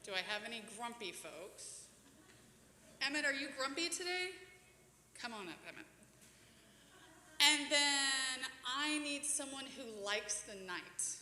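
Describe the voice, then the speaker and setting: Expressive woman telling a story in church. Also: high-pitched, measured pace, pauses often, a little hiss or hum. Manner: warm, expressive storytelling, inviting volunteers. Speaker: worship storyteller. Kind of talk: children's story time at a church service. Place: church sanctuary. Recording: echoey church hall with long reverb.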